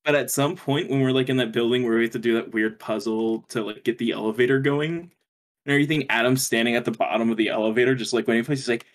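A man's voice: medium pitch, steady tone, fast talker. A young man co-hosting a podcast, talking about a fan game in a rambling, casual way, swearing freely and laughing often. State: hiccuping. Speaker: podcast co-host. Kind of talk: casual gaming chat.

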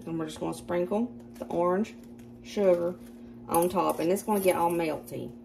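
A woman with a Southern American accent chatting casually through a cooking demonstration in her home kitchen. She is self-deprecating and quick to laugh. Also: on the low side, fairly even intonation, gravelly, a little mellow, a little hiss or hum. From Southern United States. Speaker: cooking vlogger.

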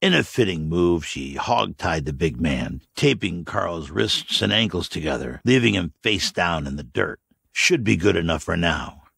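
A man reads a story aloud in a steady, even way. His voice is deep and gravelly, with a husky rasp. It is recorded close and dry. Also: no room sound. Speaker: narrator. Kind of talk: audiobook narration.

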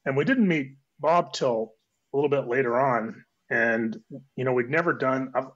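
A man with a cold, hoarse and chatting casually as a guest on a diving round table, rambling and restarting his phrases. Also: mid-range voice, moderate pace. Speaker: guest technical diver. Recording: dull lo-fi audio.

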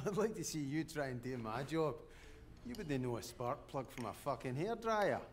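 An actor voicing a wry Scottish oil rig electrician with a cheeky, sweary way of talking. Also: male voice, medium pitch, lively intonation, normal speed, slight background noise, lightly acted. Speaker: game character, electrician.

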